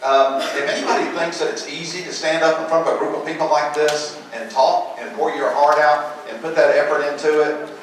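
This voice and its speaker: A man addressing a forum audience as a politician, in a quick, joking, conversational way. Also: on the high side, steady tone, slight background noise. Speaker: state senator speaking at a forum. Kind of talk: campaign speech. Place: large echoey hall. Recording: echoey hall from far off.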